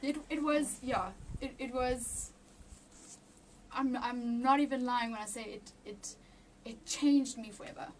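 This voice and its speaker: A woman giving an emotional personal testimony in an interview, halting with many restarts and near tears. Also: on the high side, steady tone, far from the mic, a little hiss or hum. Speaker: interview guest.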